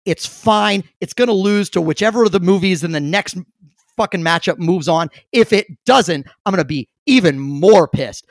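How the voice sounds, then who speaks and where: A man with a fairly high voice argues his case in a ranting, emphatic way, sprinkling in swear words. The sound is dry and close, with no room around it. It's casual podcast talk among friends. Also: moderate pace, dry recording. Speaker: panelist.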